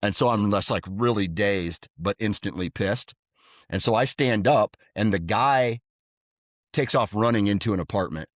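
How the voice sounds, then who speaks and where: Speaking at normal speed in a voice on the low side, this male podcast co-host shares casual stories and performs people's lines in a raised, animated voice. It's studio quality with no echo.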